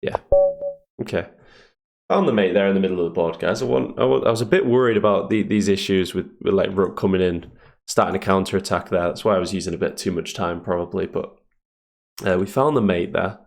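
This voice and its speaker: Chess streamer, man, low gravelly voice; casual, halting commentary, lots of fillers. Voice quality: deep gravelly morning voice. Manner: thinks aloud, hesitant fillers, chuckles often.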